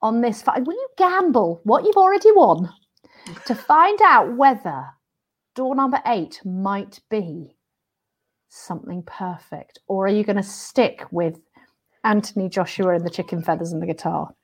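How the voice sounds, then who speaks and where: Animated London woman hosting a podcast. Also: mid-range voice, unhurried. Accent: London English. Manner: animated, dramatic game-show delivery. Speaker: podcast host. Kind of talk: casual podcast chat.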